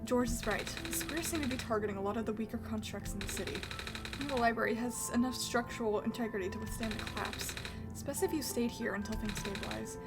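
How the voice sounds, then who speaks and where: A woman's voice: a little high, fast talker, natural voice. A woman voicing an anxious, apologetic construct character, with game music behind. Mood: worried.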